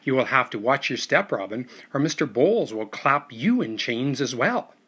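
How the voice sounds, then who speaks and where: A man reading aloud plays a middle-aged uncle who speaks lightly and smoothly, with mockery and malice underneath. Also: mid-range voice, sing-song, moderate pace, fairly bright tone. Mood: mocking.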